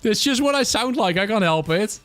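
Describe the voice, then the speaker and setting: Lively and fairly quick, a Dutch man's high, fairly bright voice carries over soft background music during a casual livestream. He answers viewer questions in a Dutch accent, often using fillers and restarting sentences.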